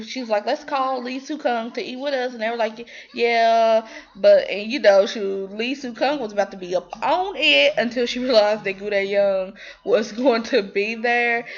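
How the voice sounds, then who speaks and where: A woman's voice: medium pitch, muffled recording. A woman casually recapping a TV drama episode, rambling with lots of fillers and restarts and slipping into quoted voices. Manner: animated, slips into quoted voices.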